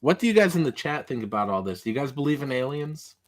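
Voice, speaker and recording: A man hosting a casual podcast stream, relaxed and rambling, laughing at his own stories. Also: mid-range voice, fast, slight background noise. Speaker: podcast host. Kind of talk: casual chat.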